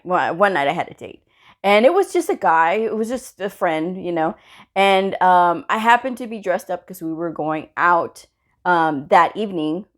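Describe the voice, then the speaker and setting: A woman vlogger telling a workplace story and giving career advice in a chatty, animated way. She keeps checking in with her viewers as she talks. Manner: chatty storyteller, often checks in with "okay?" and "you know what I mean?"; animated, jumps high in pitch when retelling. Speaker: medical coding vlogger. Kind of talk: casual advice vlog.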